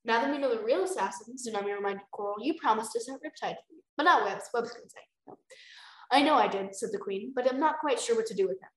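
Young woman reading a book out loud on a podcast, kinda high voice, roomy echo. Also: quick pace, slight background noise. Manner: animated, bursts into exclaims and laughs. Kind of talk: reading aloud with chatty reactions. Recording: echoey room.

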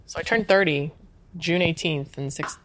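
A woman's voice: sits low, normal speed. Give me a chatty woman in her thirties telling her story in an interview. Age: 30s. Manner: chatty, says "like" often, animated retelling. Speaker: guest, UX designer. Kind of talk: casual interview chat.

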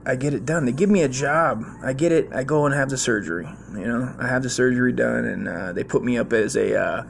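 A man's voice: mid-range voice, brisk, vocal fry, a little hiss or hum. A man in his forties telling a rambling, slangy, profane story in a casual way.

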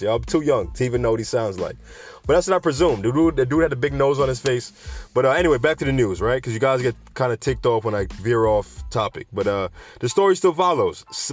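Slangy, digressive male news host. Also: mid-range voice. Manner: animated, digressive, slangy, addresses viewers directly. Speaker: host of a cannabis news show. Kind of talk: casual news commentary with rants.

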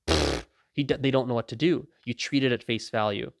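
A male podcast host with a medium-pitched voice talks fast in a casual monologue, recorded with studio quality and no echo. He's animated, acting out the voices of the people in his stories and laughing often.

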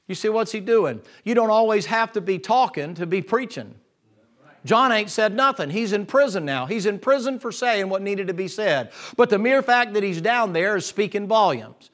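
A man preaching a lively sermon in a folksy, joking way, acting out the people in his story. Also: high voice, moderate pace. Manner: folksy and joking, acts out voices of figures.

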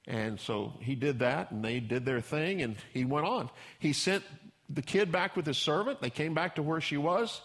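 A man's voice: on the high side, normal speed, a bit bright. A man pastor preaching a sermon in a folksy storytelling way, acting out the characters he describes.

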